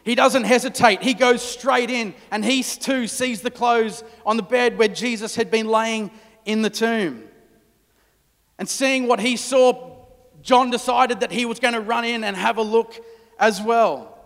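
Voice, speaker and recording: A man preaching a storytelling sermon, dramatic, dropping to hushed tones at key moments. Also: extremely high pitch, a little slow, long reverb tail. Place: church.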